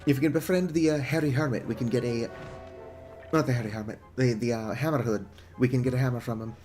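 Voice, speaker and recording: A man's voice: mid-range voice, steady tone, fast, darkish tone, soft background music. A man casually commenting on a game he is streaming, with offhand asides.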